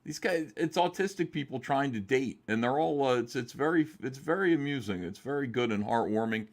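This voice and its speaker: Male guest, mid-pitched, rambling provocative joker on a call. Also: lively intonation, a little fast. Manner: joking, provocative, rambling with restarts. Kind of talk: casual chat.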